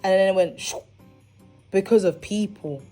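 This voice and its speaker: A woman's voice: mid-range voice, normal speed, dark tone, faint music behind. A young woman hosting a podcast, talking candidly and animatedly in a casual monologue with slangy, dramatic asides. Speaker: podcast host.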